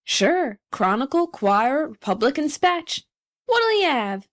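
A brash young newsboy who yells his wares and teases the customers, as a woman puts him on. The voice jumps high and loud with a pushy street swagger. It comes from a storybook reading. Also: sing-song, slow pace, no echo, studio quality, exaggerated voice. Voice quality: cheeky, pushy street talk.

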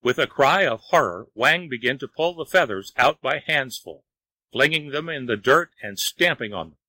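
A man narrating a storybook tale in a measured, even reading voice. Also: mid-range voice, no room sound, poor audio.

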